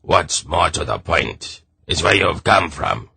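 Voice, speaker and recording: A man's voice: very deep voice, expressive, slow, vocal fry, bright, forceful tone, husky, no echo, exaggerated voice. A man voicing a short, strutting, suspicious army captain who talks in a belligerent, clipped way.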